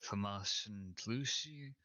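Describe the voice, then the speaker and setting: A man with a lowish, bright voice plays a tabletop game over a dull, dry mic. He explains his character's actions plainly. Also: slow. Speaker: player. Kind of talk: casual tabletop play.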